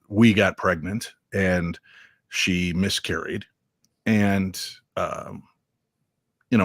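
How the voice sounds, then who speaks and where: Low-voiced male guest, halting storyteller, dry close mic. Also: a bit bright, no room sound. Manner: halting, emotional recounting with many fillers. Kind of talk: radio interview storytelling.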